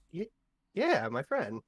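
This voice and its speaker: A woman's voice: low voice, huge pitch swings, drawn-out words, slightly rough. A woman playing her character in a tabletop game, talking in a rambling, playful way full of fillers. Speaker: player. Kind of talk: in-character tabletop role-play.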